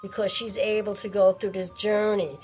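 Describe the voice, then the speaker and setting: A woman's voice: medium pitch, flat delivery, moderate pace, darkish tone, soft background music, rough recording. A woman co-hosting a casual podcast, talking in a blunt, emphatic way. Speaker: podcast co-host. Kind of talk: casual chat.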